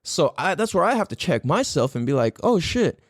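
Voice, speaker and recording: A man hosting a podcast talks in a casual, freewheeling monologue, swearing freely as he thinks out loud. His voice sits a little high and swings widely in pitch. The sound is close and dry. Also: brisk, no room sound. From United States. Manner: animated, swears freely, muses aloud. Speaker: podcast host.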